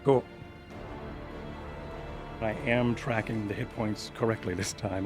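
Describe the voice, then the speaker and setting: A man's voice: fairly low pitch, steady tone, moderate pace, music in the background. A man running a tabletop game as game master, talking in a laid-back, hesitant way.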